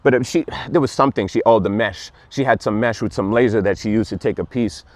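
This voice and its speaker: A man's voice: fairly low pitch, quick pace, dry recording. Guy ranting about a tv show, fed up and sarcastic, rambles a lot. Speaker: TV show reviewer. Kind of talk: casual review rant.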